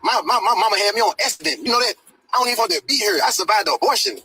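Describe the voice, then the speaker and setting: A man ranting live on his stream in profane street slang, pushing his voice high for emphasis. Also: lively intonation, very fast, pushed and bright, husky, no echo, low-quality recording. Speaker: live streamer reacting to a rap video.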